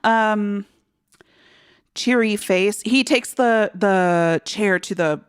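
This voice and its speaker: A woman's voice: medium pitch, extremely slow, smooth. A woman co-hosting a podcast, chatting casually about a film and acting out scenes with lots of laughter. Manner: animated retelling, acts out lines, laughs often. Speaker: podcast co-host. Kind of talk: casual movie chat.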